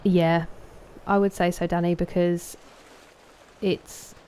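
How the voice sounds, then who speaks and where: A woman's voice: on the low side, level tone, takes it slowly, warm tone, slight background noise, rough recording. A woman streaming a game, chatting casually with her viewers, greeting and thanking them and answering their questions.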